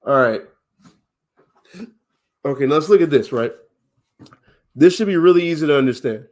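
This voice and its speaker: A man with a somewhat high voice teaches on a casual livestream. He speaks with emphasis, stops to put questions to his listener, and counts days out loud on his fingers. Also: expressive, normal speed, pauses often.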